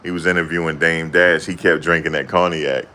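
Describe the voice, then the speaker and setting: A man's voice: low-pitched, flat delivery, a little fast, bright, forceful tone. A young man chatting casually to camera in loose, slangy banter, often laughing. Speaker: vlogger.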